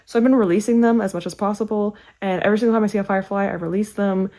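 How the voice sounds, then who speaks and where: Chatty woman book vlogger. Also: rapid-fire. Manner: chatty, many "like" fillers, animated pitch swings. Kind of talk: casual chat to camera.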